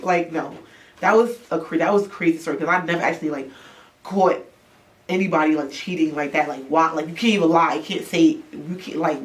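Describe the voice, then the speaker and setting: A young woman from New York, casually telling a story, animated and swearing, acting out the voices. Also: low voice. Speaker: rapper. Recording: distant mic, background noise.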